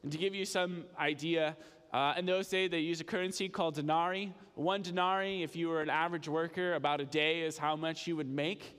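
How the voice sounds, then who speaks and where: A man's voice: fairly high pitch, fairly even intonation, brisk, a bit bright, smooth, in a large hall. A young adult man giving a sermon in a church, explaining in a conversational, teaching way with small restarts. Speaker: pastor.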